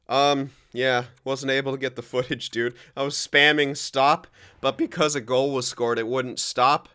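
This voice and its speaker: A young man commenting on his own hockey video game play, excitable and foul-mouthed, swinging from loud cheering to low grumbling. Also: measured pace, clear, resonant tone. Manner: excitable, swears often, swings between shouting and grumbling. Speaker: gaming commentator.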